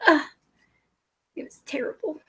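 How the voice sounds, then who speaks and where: A woman, telling rambling, profane, self-mocking stories in casual talk. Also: unhurried. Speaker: storyteller. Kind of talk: casual storytelling.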